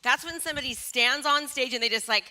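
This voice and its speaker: A middle-aged woman giving a live motivational speech on stage, energetic and chatty, asking the audience questions. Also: high-pitched, brisk. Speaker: motivational speaker.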